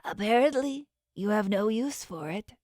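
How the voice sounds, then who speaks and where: A woman's voice: medium pitch, lively intonation, normal speed, a little mellow, dry recording, clean studio sound, natural voice. A woman voicing a menacing inhuman male boss with shark teeth, talking down coldly and threateningly in an audiobook. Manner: cold, threatening, condescending. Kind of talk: audiobook character voice.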